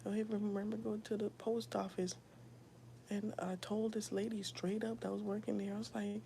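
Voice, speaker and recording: Softly whispering woman, gravelly and dark. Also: mid-range voice, flat delivery, a little hiss or hum. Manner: soft, often whispered, halting with many fillers. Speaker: streamer sharing a personal testimony. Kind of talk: whispered personal testimony.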